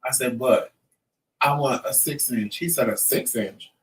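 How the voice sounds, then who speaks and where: A man's voice: medium pitch, unhurried, distant mic, rough recording. A man in his fifties hosting a vlog, telling a story casually and acting out the other people's lines as he goes. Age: 50s. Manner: animated storyteller who acts out quoted dialogue. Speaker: vlog host.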